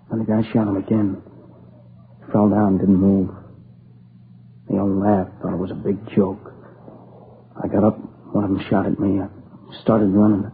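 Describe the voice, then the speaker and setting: A man's voice: fairly low pitch, natural voice. A man playing a shaken young survivor. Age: young adult. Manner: halting, broken restarts, near tears. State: exhausted. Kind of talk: 1950s radio crime drama. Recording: tinny lo-fi old broadcast with hiss.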